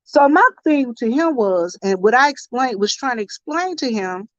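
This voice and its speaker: A woman telling an animated story on a live stream and greeting her chat viewers as she goes. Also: a little high, normal speed, no room sound, lo-fi sound. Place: convenience store.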